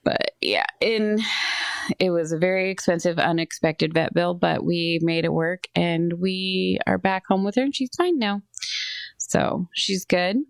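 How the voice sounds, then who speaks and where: A woman in her thirties co-hosting a podcast, telling stories casually, quickly and with frequent giggles. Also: fairly low pitch, vocal fry, dry recording. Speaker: podcast co-host. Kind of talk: casual chat.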